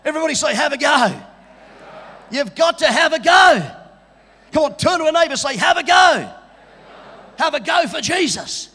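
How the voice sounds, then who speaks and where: A man preaching a charismatic sermon in a church, shouting fervently in prayer and joking with the congregation in between. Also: very high voice, expressive, moderate pace, long pauses. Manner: joking and playful between appeals to the crowd. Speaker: guest preacher. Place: church hall. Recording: long church hall reverb.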